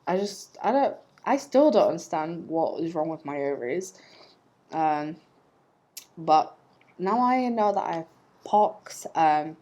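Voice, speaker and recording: A young female vlogger with a low, warm, expressive voice speaks a little slowly as she shares a personal story on camera. She chats and rambles, using fillers and laughing at herself along the way.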